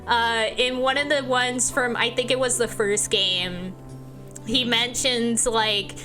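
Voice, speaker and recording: A woman's voice: a little high, fairly even intonation, takes it slowly, bright, forceful tone, soft background music. A woman streamer in casual let's-play chat, giggly and rambling as she talks over a game. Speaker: gaming streamer.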